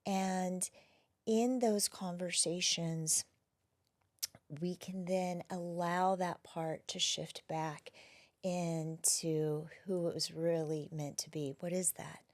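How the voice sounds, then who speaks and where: A woman who is a wellness practitioner, talking gently and reflectively as an interview guest, often dropping to a soft near-whisper. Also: lowish voice, steady tone, slow. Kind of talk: casual interview conversation.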